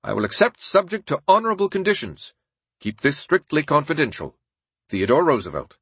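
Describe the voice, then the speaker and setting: A man voicing a forceful 1890s statesman in quoted passages of an audiobook, with an emphatic, raised delivery. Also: a little high, big pitch swings, a little fast, breathy edge, no room sound, voice pushed up, full character voice.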